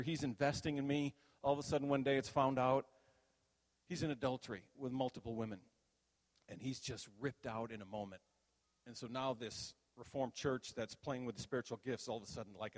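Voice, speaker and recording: A middle-aged man giving an animated testimony sermon as a pastor, acting out the voices in his story. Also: mid-range voice. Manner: animated storytelling, acts out quotes. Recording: long hall reverb.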